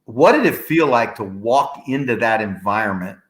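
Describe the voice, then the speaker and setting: A man hosting a casual interview chat, telling stories with quick asides and lively energy. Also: lowish voice, echoey room. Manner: animated storyteller, quick asides. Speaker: host.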